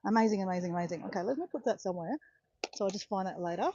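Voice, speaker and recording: A woman chatting excitedly to live viewers on a phone while walking outdoors on a beach. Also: medium pitch, racing, slight background noise. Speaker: walking vlogger on a live stream. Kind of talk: casual chat to live viewers. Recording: dull lo-fi phone audio.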